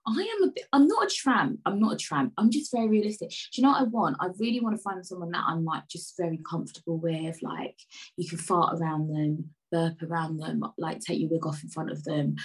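A woman chatting casually to camera over a cup of tea, rambling, flipping between loud outbursts and quiet mutters. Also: lowish voice, poor audio. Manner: sips tea while talking. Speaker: vlogger.

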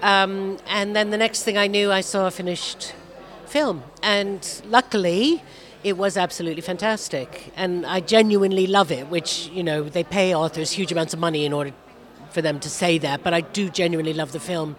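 A woman's voice: fairly low pitch, fairly even intonation, moderate pace. A woman, an author guest, answering interview questions in a wry, self-deprecating way with small chuckles.

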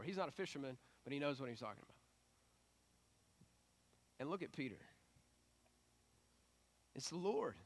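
A middle-aged male pastor giving a sermon in a conversational, animated way that builds to emphatic peaks. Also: fairly high pitch, normal speed, long pauses.

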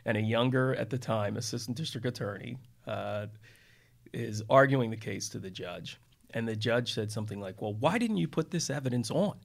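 Gravelly low-voiced male lawyer. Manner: rambling, many restarts and asides, chuckles. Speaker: criminal defense attorney, podcast co-host. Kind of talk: casual storytelling podcast talk.

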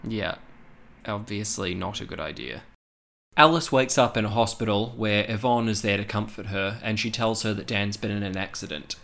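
A man recapping a horror film in casual chat, animated and profane, laughing often. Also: fairly low pitch, normal speed, creaky. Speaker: podcast co-host.

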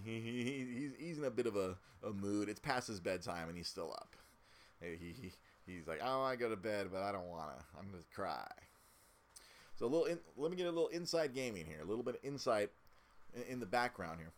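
A low-voiced man on a casual podcast who stammers and restarts his sentences a lot. His pitch swings widely as he gets worked up. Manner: animated, many stammered restarts. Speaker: podcast co-host.

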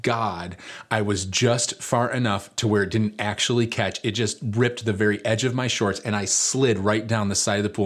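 A man preaching a sermon, telling a personal story in a relaxed, conversational way with many fillers. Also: fairly low pitch. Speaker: pastor.

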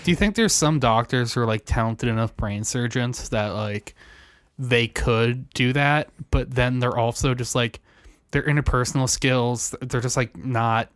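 A man's voice: mid-range voice, a little slow, dry recording, studio quality. A man co-hosting a comedy podcast, spinning joking hypotheticals in casual chat. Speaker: podcast co-host.

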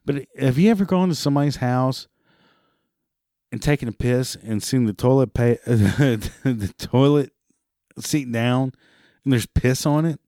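A man's voice: medium pitch, unhurried, dark tone, dry recording. Profane ranting man, dry sound. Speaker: ranting commentator. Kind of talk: profane monologue rant.

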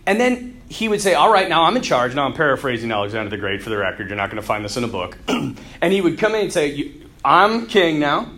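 A man giving an energetic, jokey Catholic talk to a group, acting out characters in his stories. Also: medium pitch, a little hiss or hum. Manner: energetic and jokey, acts out quoted characters, clears throat often. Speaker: Catholic speaker who does marriage counseling. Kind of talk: animated preaching talk to a youth audience.

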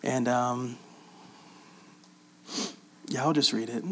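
A man preaching in a relaxed, conversational way, reading scripture aloud and explaining it with frequent pauses and fillers. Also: mid-range voice. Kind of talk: casual Bible teaching.

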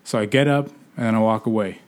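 A young man casually telling a bar story in a relaxed chat, swearing freely. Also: fairly low pitch, fast. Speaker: podcast co-host telling a story.

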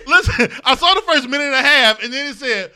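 A man from the US Midwest with a strikingly high, piercingly bright voice. He tells rowdy, profane stories in loose podcast banter and laughs through them. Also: brisk. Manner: animated, profane storyteller who laughs a lot. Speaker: podcast co-host.

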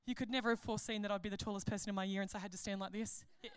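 A woman giving a sermon at a conference, chatty and animated, joking and laughing at her own stories. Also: medium pitch, rapid-fire, clear, resonant tone, no room sound. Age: adult. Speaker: conference speaker, pastor.

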